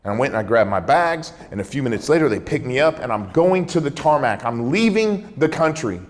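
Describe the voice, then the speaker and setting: A man giving a dramatic storytelling talk as a keynote speaker, acting out dialogue and dropping low and soft for tense quotes. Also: sing-song, a little fast. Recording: reverberant hall.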